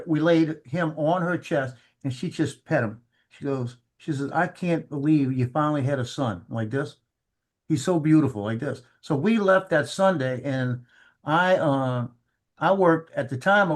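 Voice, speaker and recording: A middle-aged man telling family stories in casual chat, halting and repeating words as he acts out what people said. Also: on the high side.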